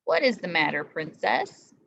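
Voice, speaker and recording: A woman voicing a timid, lonely male frog who speaks softly and formally. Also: lowish voice, sing-song, moderate pace, creaky, dry recording, muffled recording, heavily acted. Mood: pleading.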